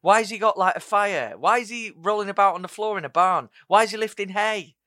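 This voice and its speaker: Casting note: man, high and very lively voice, dry close sound, podcast host. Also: brisk, no room sound. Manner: animated, laughing, mock-outraged questions. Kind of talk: casual film chat.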